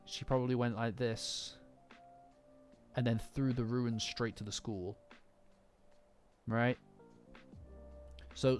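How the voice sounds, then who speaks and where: A Nottingham man with a local accent and a mid-range voice chats casually on a live stream, reacting to a manga chapter and reading it aloud to his chat. He rambles, gets easily distracted, and pokes fun at himself while faint lofi music plays underneath.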